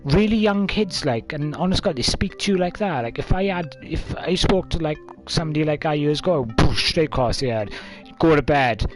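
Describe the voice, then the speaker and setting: A man's voice: fairly high pitch, expressive, a little fast, few pauses, over music. A man of twenty-five, telling a story casually to camera with lots of fillers. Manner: rambling, many fillers, coughs and laughs.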